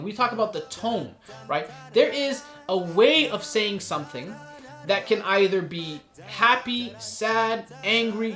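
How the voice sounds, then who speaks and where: A man talks through a lesson on stage delivery, casual and animated, switching into the voices he describes. The room rings with echo, and faint music sits underneath. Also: high voice. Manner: animated, demonstrates voices and pauses. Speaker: spoken word poetry teacher.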